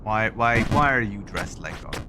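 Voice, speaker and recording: A man's voice: on the low side, animated, noisy background, voice pushed down, lightly acted. A man putting on a snooty, sneering accent. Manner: put-on foreign-sounding accent, slow and disdainful.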